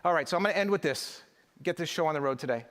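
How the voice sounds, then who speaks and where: Here the keynote speaker's delivery is rapid-fire and expressive, his pitch a little high and his tone slightly bright. The middle-aged man works the audience with rhetorical emphasis, captured in an echoey large conference hall.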